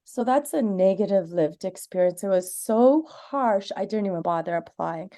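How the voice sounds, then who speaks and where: Earnest mellow-voiced woman telling her story. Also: medium pitch, lively intonation, moderate pace. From Canada. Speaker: community member giving public comment. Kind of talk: personal testimony.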